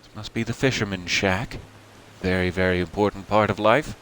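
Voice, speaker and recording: A man's voice: low-pitched, fairly even intonation, normal speed, fairly bright tone, a little hiss or hum. A man casually commenting while he plays through a video game, musing and joking to himself. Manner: whimsical, musing, chatty. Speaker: game streamer. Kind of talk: let's play commentary.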